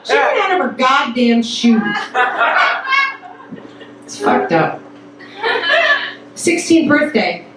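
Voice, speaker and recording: High-voiced woman telling a profane tale. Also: takes it slowly, pauses often, heavy background noise. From Toledo, Ohio. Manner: profane, animated, acts out quotes. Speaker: storyteller. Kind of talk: live comic storytelling. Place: stage before a live audience. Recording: echoey hall, mic at a distance.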